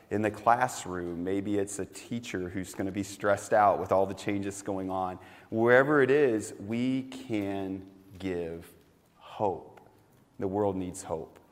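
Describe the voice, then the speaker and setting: A man preaching a sermon as pastor, telling a personal story in a conversational way and dropping to soft, quiet emphasis. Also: fairly low pitch. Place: church sanctuary. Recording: long hall reverb.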